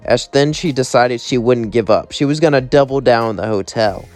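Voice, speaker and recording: A man's voice: mid-range voice, moderate pace, a little mellow, faint music behind. A man narrating a fan-made what-if story in a rambling way, with restarts.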